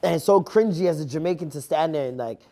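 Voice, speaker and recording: A young man guesting on a podcast, telling animated stories in casual chat, swearing freely and calling people "bro.". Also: a little high, quick pace. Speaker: podcast guest and stand-up comedian. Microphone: clear guest mic.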